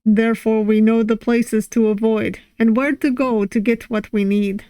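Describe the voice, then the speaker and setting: A woman voicing a gentle, shy male pirate crewman in a put-on Russian accent. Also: high-pitched, level tone, normal speed, smooth, no room sound, natural voice. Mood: earnest.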